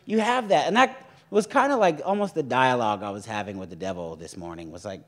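Animated young man preaching with jokes. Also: fairly low pitch, quick pace. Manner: animated, joking, acts out voices of others. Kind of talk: sermon.

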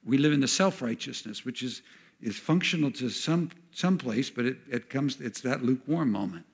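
A man preaching a sermon in an animated way, acting out the voices of the people he quotes. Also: medium pitch, moderate pace, gravelly, husky. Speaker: pastor.

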